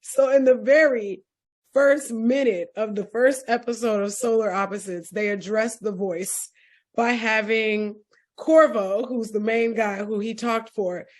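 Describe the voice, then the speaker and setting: A woman co-hosting a podcast, telling stories in a lively, casual way and laughing often. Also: fairly high pitch, a little slow. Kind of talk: casual chat.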